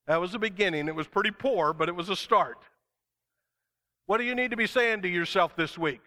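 Earnest preaching man, fairly high voice. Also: lively intonation, bright, forceful tone. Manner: earnest, emphatic, slows down to stress key words. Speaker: pastor. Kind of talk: sermon.

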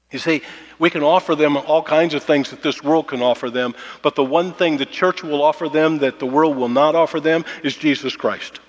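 A pastor preaching a sermon, with emphatic repetition and a slowdown on key phrases. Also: male voice, on the high side. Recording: long hall reverb.

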